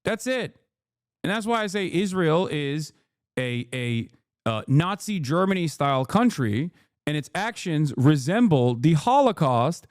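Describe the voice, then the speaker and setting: A man's voice: on the high side, very animated, measured pace, no echo, studio quality. A man streamer giving heated, profane commentary as he reacts to a clip. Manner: profane, ranting, emphatic.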